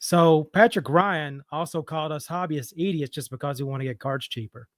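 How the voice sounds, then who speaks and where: A man's voice: on the high side, normal speed, fairly bright tone, no room sound, clean studio sound. A man calling in to a show and ranting heatedly, swearing freely. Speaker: caller. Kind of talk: casual call-in rant.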